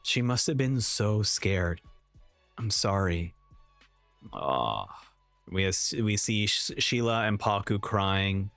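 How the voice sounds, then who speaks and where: A man's voice: on the low side, slow pace, long pauses, a bit bright, no echo, soft background music. A young man reacting to an anime episode, reading the subtitles aloud and narrating each scene, often stopping to correct himself. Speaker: reaction streamer.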